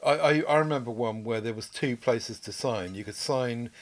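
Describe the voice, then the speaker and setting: A man's voice: mid-range voice, normal speed. An older man hosting a podcast, chatting in an easygoing, rambling way. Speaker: podcast host. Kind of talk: casual chat.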